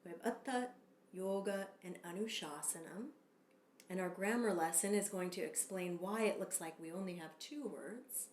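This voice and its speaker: A woman teaching a yoga sutra lesson, speaking calmly and measured, leading chants. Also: on the low side, roomy sound, a little hiss or hum. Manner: calm, slow and measured, with long drawn-out chants. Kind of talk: Sanskrit sutra lesson with call-and-response chanting.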